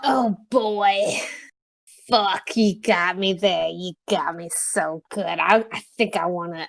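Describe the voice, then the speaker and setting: A woman's voice: on the low side, slow pace, gravelly. A woman playing a tabletop game, amused and playful. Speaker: player.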